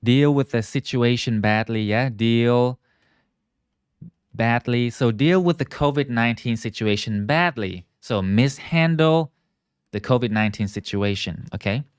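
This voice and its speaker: A man teaching English in a live online lesson, explaining words slowly, stretching key terms and often checking in with viewers. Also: medium pitch, smooth, no echo, clean studio sound. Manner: models pronunciation and asks viewers to repeat.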